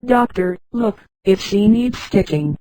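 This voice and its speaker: A woman's voice: mid-range voice, animated, takes it slowly, mellow, no room sound, low-quality recording. A woman's synthetic voice as a bossy ship's cook. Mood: brisk. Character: female cook, brisk and bossy.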